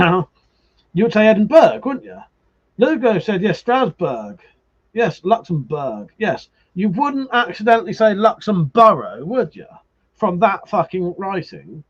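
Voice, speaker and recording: Animated man chatting on a stream. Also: fairly high pitch, breathy edge, dull audio. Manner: animated, swearing, reading viewer comments aloud. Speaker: livestream host. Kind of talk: casual live-stream chat.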